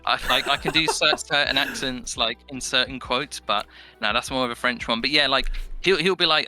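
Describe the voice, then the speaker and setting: On a casual gaming podcast, a male guest with a medium-pitched voice speaks at a moderate pace. His chat is rambling and packed with fillers, punctuated by animated impressions of others.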